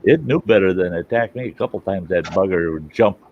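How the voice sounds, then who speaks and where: A man's voice: sits low, a little fast. A man casually telling rambling, profane stories and laughing often, in a dull lo-fi recording with faint hiss. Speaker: host. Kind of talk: casual storytelling chat.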